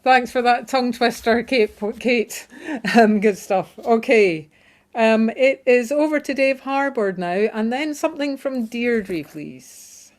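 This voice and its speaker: A woman hosts an online folk session, giving brief, friendly thanks and introducing the next performers. Her voice is fairly high and she speaks at an unhurried pace. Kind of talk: casual hosting links.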